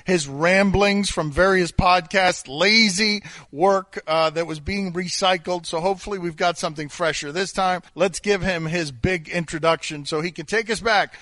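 High-voiced teasing talk radio host. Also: male voice, moderate pace, hardly any pauses, pushed and bright, dry recording. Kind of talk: sports talk radio banter.

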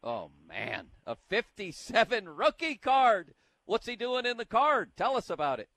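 A man hosting a sports talk radio show, with upbeat, animated reads into a studio microphone. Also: high voice, measured pace, dry recording.

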